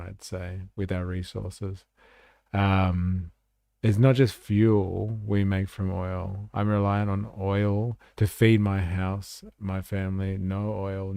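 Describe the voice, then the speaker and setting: A man's voice: sits low, vocal fry, darkish tone, no room sound, studio quality. A man hosting a casual livestream, chatting back to comments and saying "like" a lot. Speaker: livestream host.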